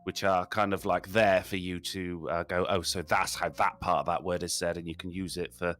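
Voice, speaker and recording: A man's voice: deep voice, flat delivery, normal speed, a bit bright, faint music behind. A man co-hosting a casual podcast, teasing with dry wit and mimicking accents. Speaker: podcast co-host.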